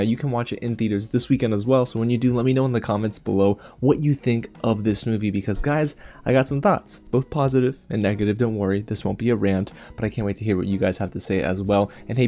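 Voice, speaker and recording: A man's voice: medium pitch, mellow. Chatty man reviewing a movie. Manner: chatty, upbeat, conversational. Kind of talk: casual spoken film review.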